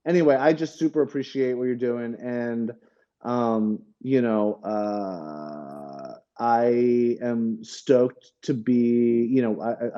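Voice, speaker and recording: A man chatting on a podcast in a mellow, dark-toned voice, rambling and hesitant, stopping and restarting often. The audio is dull and lo-fi. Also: medium pitch. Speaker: podcast co-host. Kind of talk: casual podcast chat.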